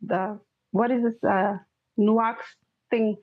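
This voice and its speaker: A woman's voice: medium pitch, steady tone, takes it slowly, no echo, phone-quality sound. A woman with a Tswana accent in a Bible study group, speaking hesitantly and searching for words.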